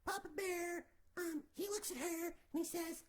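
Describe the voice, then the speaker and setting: A woman's voice: very high voice, fairly even intonation, a little slow. A woman telling a fairy tale as a comic, improvised retelling in an offhand, giggly way with crude jokes. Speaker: storyteller.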